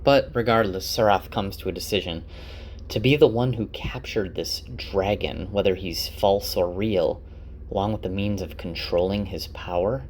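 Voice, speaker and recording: A man casually retelling a novel's chapters for his wife, chatty and relaxed, with lots of fillers and restarts. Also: low voice, moderate pace, slight background noise. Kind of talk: casual spoken book recap.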